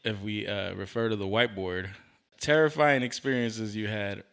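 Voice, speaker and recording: Podcast host, man, low voice, steers the chat with questions. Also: fairly even intonation, moderate pace, creaky, fairly bright tone, clean tone. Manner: steers talk, asks questions. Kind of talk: casual chat.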